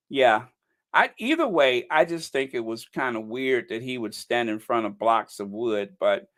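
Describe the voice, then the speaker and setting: A man's voice: medium pitch, fairly bright tone. A man hosting a commentary channel, ranting in a sarcastic, rambling and mocking way. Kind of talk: casual commentary rant.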